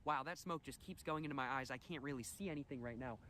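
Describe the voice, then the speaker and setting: A man narrating his own video in a mock-earnest, deadpan way, repeating his catchphrases. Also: medium pitch, quick pace, slight background noise. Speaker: video creator.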